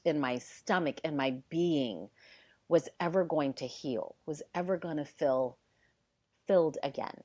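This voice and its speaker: Low-voiced woman telling a heartfelt story. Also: unhurried. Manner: animated, acts out dialogue, sometimes drops to a hush; heartfelt and emotional. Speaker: guest telling a personal story. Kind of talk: casual conversational storytelling.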